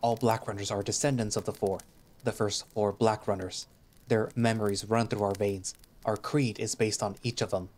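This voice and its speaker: A man's voice: lowish voice, flat delivery, normal speed, darkish tone, lightly acted. A man voicing a formal, caring creature warrior. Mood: calm. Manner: formal speech without contractions. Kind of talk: visual novel reading.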